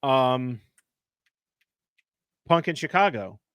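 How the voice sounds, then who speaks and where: Animated man in casual podcast chat. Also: very slow, clean tone, no echo. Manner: animated storyteller, high squeaky put-on voices for jokes. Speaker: podcast co-host.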